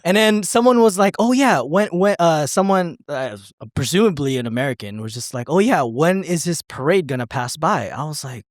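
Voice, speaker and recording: Animated, swearing man telling a story. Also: on the high side, normal speed, hardly any pauses, no room sound, clean studio sound. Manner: rambling, profane, laughing, acts out quotes. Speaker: podcast co-host. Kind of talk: casual storytelling chat.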